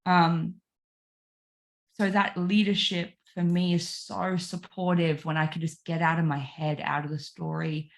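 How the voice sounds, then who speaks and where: A woman's voice: fairly low pitch, level tone, unhurried, creaky. A woman talking earnestly and reflectively about relationships, repeating phrases for emphasis. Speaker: guest.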